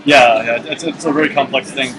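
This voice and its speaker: A man's voice: medium pitch, steady tone, a little fast, a crowd in the background, rough recording. A man hosting a casual live stream chat who talks candidly and swears freely.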